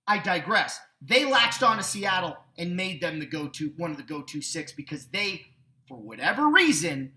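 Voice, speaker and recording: A man's voice: a little high, big pitch swings, normal speed, pushed and bright, echoey room. A man hosting a sports podcast, ranting indignantly with sarcasm. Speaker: podcast host. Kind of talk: sports opinion rant.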